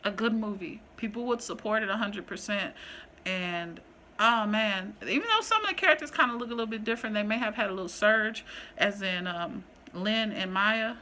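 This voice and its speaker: Bright chatty woman vlogger. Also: mid-range voice, moderate pace, slight background noise. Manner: chatty, animated, slangy, rambling. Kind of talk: casual chat, ranking list.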